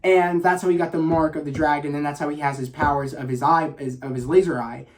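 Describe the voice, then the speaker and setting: A fast-talking man with a fairly high pitch reviews a film with spoilers in a casual vlog. His excited rambling is thick with fillers, restarts and swearing.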